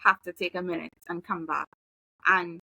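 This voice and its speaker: A woman in her thirties, a behavioral analyst, giving parenting advice in a relaxed, chatty way and acting out example phrases. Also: on the low side, normal speed, gravelly, breathy edge, poor audio. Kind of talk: casual advice conversation.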